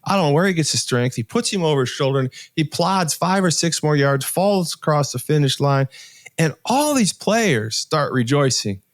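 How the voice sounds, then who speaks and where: A man in his sixties, a podcast guest, telling a personal story in an earnest, halting way with many restarts and pauses. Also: a little high, animated, dry recording, studio quality. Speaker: podcast guest, author and entrepreneur.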